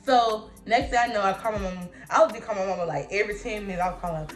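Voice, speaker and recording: A young woman telling a storytime vlog in casual slang, acting out voices with big jumps in pitch. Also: rapid-fire, hardly any pauses, faint music behind. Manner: animated storytelling, acting out her own and others' lines with big pitch jumps. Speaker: vlogger.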